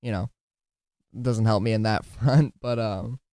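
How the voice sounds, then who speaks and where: Podcast host, male, tired and giggly, rambling casual delivery with some slurring, lowish voice, dry close mic. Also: steady tone, measured pace, warm tone, dry recording. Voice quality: drowsy, slurring at times. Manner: giggly, rambling, self-deprecating.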